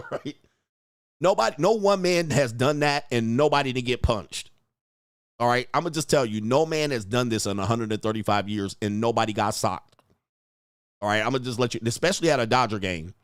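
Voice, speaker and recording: A man with a clear, resonant, mid-range voice comments on a viral video at a moderate pace. He's blunt, animated and swears freely, playing out people's lines himself, all in a dry, clean studio recording.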